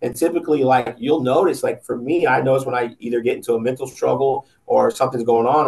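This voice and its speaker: A man with a gravelly, fry-edged voice at an ordinary pitch. He talks casually and bluntly on a podcast, swearing freely as he hands out motivational advice. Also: steady tone, fast, hardly any pauses, rough recording. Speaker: podcast guest, business owner.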